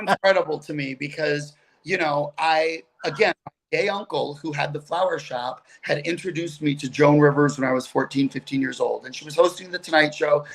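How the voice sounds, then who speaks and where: A man's voice: on the high side, vocal fry. A middle-aged man, a guest comedian, telling stories animatedly over a video call. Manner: animated, chatty, quick asides. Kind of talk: casual storytelling on a video call.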